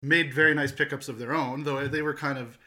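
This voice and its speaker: A man with a very bright, sharp, tense tone, cursing freely through casual sports chat. He talks in an animated way and laughs often as he riffs with his co-host. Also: mid-range voice, brisk. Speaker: podcast co-host.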